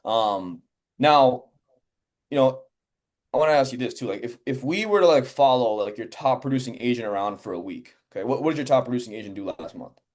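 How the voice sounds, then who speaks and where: A man's voice: mid-range voice, lively intonation, a little fast. A man hosting an interview in a casual, loose way, filling his questions with "like," "you know" and "man.". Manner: casual, filler-heavy, says "man" and "like" a lot. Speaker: podcast host. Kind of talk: interview conversation.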